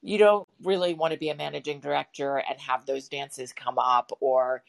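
A woman co-hosting a casual podcast, her voice sitting low with a gravelly fry running through it. She thinks aloud as she goes, looping through fillers and restarts before she lands a point. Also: fairly even intonation, normal speed. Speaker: podcast co-host. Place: home setup with a bird in the background.

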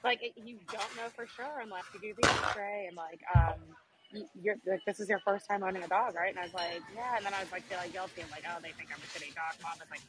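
Animated woman telling a story. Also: lowish voice, fast, very noisy. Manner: animated storyteller, acts out quoted voices. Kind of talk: casual podcast chat.

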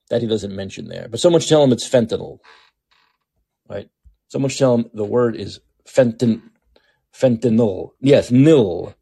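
A man's voice: mid-range voice, vocal fry, darkish tone, husky, no room sound. A man hosting a podcast with opinionated political commentary, talking in a sarcastic, mocking, repetitive way. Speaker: podcast host.

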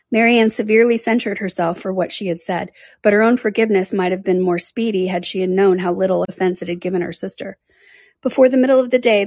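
A woman reads a classic novel aloud at a measured, careful pace, and her pitch sits in the middle. The sound is dry and close, with no room echo. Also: a little mellow. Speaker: audiobook reader.

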